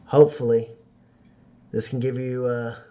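A man's voice: medium pitch, little pitch movement, unhurried, warm tone, highs cut off, natural voice. A man voicing a nervous, friendly frontier man with a folksy drawl in a tabletop game. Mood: earnest.

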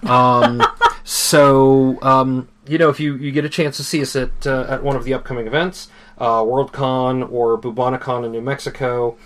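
This man speaks at a normal speed with a medium pitch, a fairly bright tone, and mostly even intonation. He hosts a podcast in a relaxed, rambling way, full of fillers and restarts.

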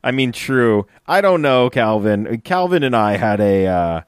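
A relaxed young man chats casually as a podcast co-host. He reads listener questions aloud and answers them in an easygoing way. His voice sits at a middle pitch, and the recording is dry and close with no room sound. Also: measured pace, clear, resonant tone, no room sound. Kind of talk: casual chat.

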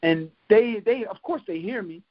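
High-voiced man telling stories. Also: normal speed, no echo. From Philadelphia, USA. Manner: animated storyteller, laughs often, acts out quotes. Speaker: podcast guest, retired boxer. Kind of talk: casual storytelling interview. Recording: dull lo-fi podcast audio.

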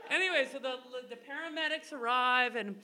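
A woman's voice: medium pitch, animated, measured pace, bright, forceful tone. A woman telling a funny personal story live on stage, chatty and self-mocking, laughing as she goes. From Irish family. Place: live stage show before an audience.

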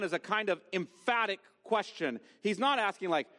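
A man's voice: high voice, animated, moderate pace, pushed and bright, in a large hall. A man preaching a sermon as pastor, emphatic and given to rhetorical questions. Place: church sanctuary.

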